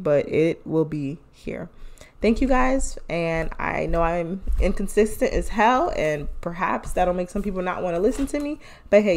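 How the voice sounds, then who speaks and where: A woman's voice: fairly low pitch, darkish tone. A young woman hosting her own podcast, talking casually and rambling, with playful asides and laughs. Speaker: podcast host. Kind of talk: casual solo podcast update.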